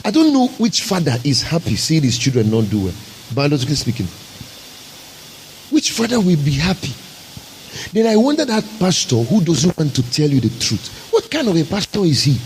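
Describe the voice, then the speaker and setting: A man's voice: fairly high pitch, big pitch swings, normal speed, slight background noise, rough recording. A man pastor, preaching a sermon with emphatic, rhetorical repetition.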